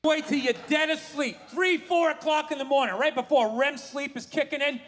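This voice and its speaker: A man's voice: very high-pitched, moderate pace, a bit bright. A man doing a stand-up comedy routine, telling a profane story and acting out the scenes, heard as a played-back clip. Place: comedy stage.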